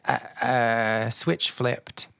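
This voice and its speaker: A man's voice: mid-range voice, little pitch movement, extremely slow, creaky, pushed and bright, clear, resonant tone, no room sound, studio quality. A man hosting a casual chat, asking questions in a playful, teasing, theatrical way. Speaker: podcast host.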